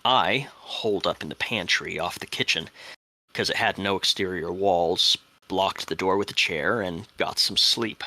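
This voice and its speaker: A deep-voiced man in the game master role gives a measured reading of a dramatic first-person statement, lowering to a hush at the tense moments.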